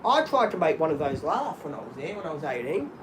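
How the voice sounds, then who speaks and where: A middle-aged Australian man rambling through animated stories in casual chat, often laughing. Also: a little high, quick pace, background noise.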